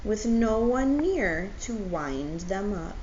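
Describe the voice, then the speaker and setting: A woman voicing a sad, gentle male owl from a children's storybook, speaking slowly and tearfully. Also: medium pitch, sing-song, echoey room. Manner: slow, tearful reading. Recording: dull lo-fi audio with faint noise.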